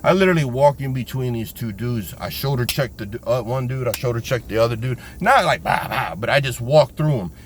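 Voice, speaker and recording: A man tells a personal story in a loose, slangy way, full of energy, and drops into the voices of the people he is quoting. His voice sits at an ordinary pitch for a man. A faint hiss of background noise runs under him. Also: a little fast, hardly any pauses. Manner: animated, acts out quoted voices, slangy. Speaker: vlogger telling a personal story. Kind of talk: casual storytelling.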